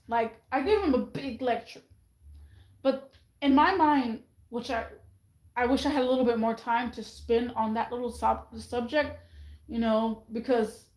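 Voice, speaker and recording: Woman, casual vlog monologue, rambling and animated, slightly high voice, echoey room. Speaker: vlogger.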